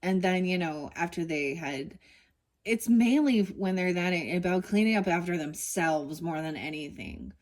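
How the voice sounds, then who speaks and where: A middle-aged woman with a somewhat low voice talks through a card reading in an easy, rambling way. She drifts between points and scatters "dude" and "you know" through her talk. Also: animated, moderate pace, darkish tone. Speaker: tarot card reader. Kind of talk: casual card-reading chat.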